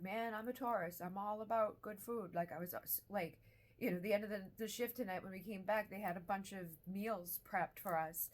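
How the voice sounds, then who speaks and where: A young woman talks straight to her viewers about coping habits in a loose, unscripted way. She is candid and curses freely, often restarting her sentences. Her voice sits at a middling pitch. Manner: candid and swearing, with restarts and quoted self-talk. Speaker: wellness video host. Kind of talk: casual self-help talk to camera.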